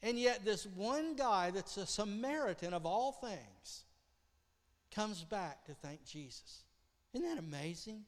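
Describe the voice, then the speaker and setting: A man preaching a sermon, telling a story with great animation, acting out voices and swinging between loud outbursts and hushed lines. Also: sits high, lively intonation, takes it slowly, big-room sound. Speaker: pastor.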